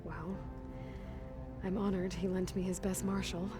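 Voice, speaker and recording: An actress voices a determined young woman who is a hunter and leader in a video game, speaking plainly and directly. Her voice is fairly low and level, a little slow, with only a light touch of acting. Game music plays in the background.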